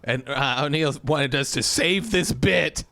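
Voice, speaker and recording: A man's voice: on the high side, a little slow, vocal fry, sharp tone, no room sound. A man co-hosting a podcast in playful casual chat, laughing easily. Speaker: podcast co-host.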